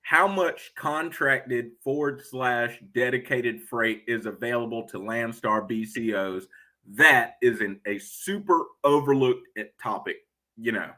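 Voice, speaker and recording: A man's voice: mid-range voice, a little slow. A man who drives a truck, hosting a casual live chat and telling stories with a laugh. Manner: animated storyteller, laughs often. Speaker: host of a live stream.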